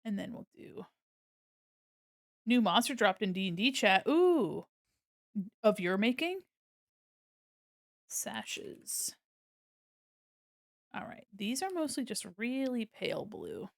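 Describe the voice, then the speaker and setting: A woman's voice: mid-range voice, wildly swooping pitch, slow, vocal fry, pauses often, no echo, studio quality. A young woman chatting casually to her viewers while drawing on a live stream, giggly and self-deprecating. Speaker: art streamer.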